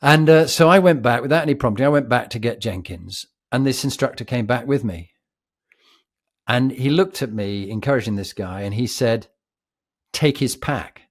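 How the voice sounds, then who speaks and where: Brief: posh British male guest, vivid anecdotal storyteller, mid pitch. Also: moderate pace. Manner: reflective, vivid, animated storyteller. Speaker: podcast guest.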